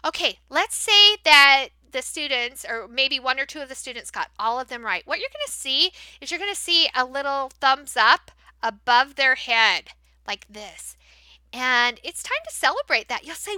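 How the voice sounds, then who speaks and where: A woman teacher demonstrating how to run a class for young learners, switching between explaining to other teachers and modeling big, excited praise for kids. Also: high voice, moderate pace, no echo. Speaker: teacher trainer. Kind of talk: training demo, modeling classroom talk.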